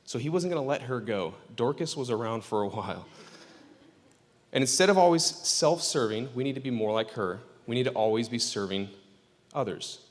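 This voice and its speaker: A man's voice: mid-range voice, lively intonation, normal speed. Casting: man preaching loosely with jokes, church reverb trailing his voice. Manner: joking, conversational preaching. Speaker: pastor. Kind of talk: casual sermon. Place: church sanctuary.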